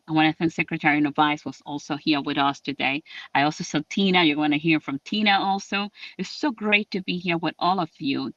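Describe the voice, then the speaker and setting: A man giving an earnest public address on a livestream, halting with fillers. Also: fairly high pitch, fairly bright tone, no room sound, distant mic, muffled recording. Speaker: lieutenant governor.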